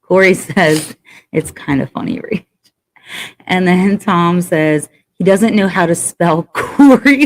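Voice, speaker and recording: Woman, young adult, teasing, laughs a lot, lowish voice. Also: animated, slow. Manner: teasing, laughs often, swears casually. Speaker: podcast co-host. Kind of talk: casual sports podcast chat.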